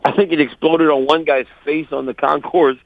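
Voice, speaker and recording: A man calling in as a guest fighter, telling stories animatedly and quoting others in lively voices. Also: on the high side, moderate pace, gravelly, no echo. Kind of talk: casual phone interview. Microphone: phone call. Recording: dull lo-fi phone line.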